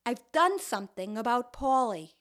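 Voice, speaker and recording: A woman's voice: fairly high pitch, big pitch swings, moderate pace, a bit bright. A woman voicing an impatient, insistent grown daughter who pleads and snaps at her mother. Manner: pleading, snippy.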